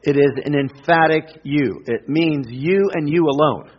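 A middle-aged male pastor preaches at an unhurried, deliberate pace, his voice a little husky. He leans on repetition for emphasis, and the recording sounds somewhat dull and muffled. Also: a little high. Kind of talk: sermon.

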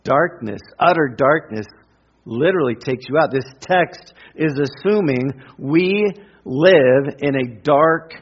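Slow, husky-voiced preacher man. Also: a little high, animated, highs cut off. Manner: emphatic preaching with deliberate pauses and repetition. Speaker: pastor. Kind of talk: sermon.

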